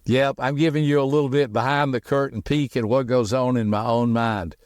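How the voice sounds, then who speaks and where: Fast, folksy male podcast speaker. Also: mid-range voice, fairly even intonation, darkish tone, no room sound, clean studio sound. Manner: quick, folksy and emphatic, tells personal stories. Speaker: podcast host and personality teacher. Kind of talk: motivational podcast talk.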